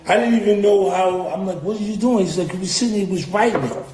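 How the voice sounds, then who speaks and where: A man telling a profane, animated story in a casual way and acting out the voices he quotes. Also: high voice, fast talker, roomy sound, slight background noise. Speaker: rapper recalling an encounter.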